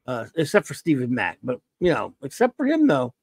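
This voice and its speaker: A man's voice: medium pitch, huge pitch swings, fairly quick, breathy edge, dry recording. A man hosting a live stream, rambling and joking as he greets viewers in the chat. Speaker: podcast host.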